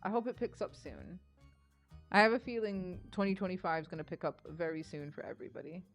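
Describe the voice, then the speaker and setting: A woman's voice: on the low side, a little fast, faint music behind. A woman streamer chatting casually with her viewers, bubbly and welcoming. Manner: bubbly, chatty, greets chat warmly. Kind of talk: casual live-stream chat.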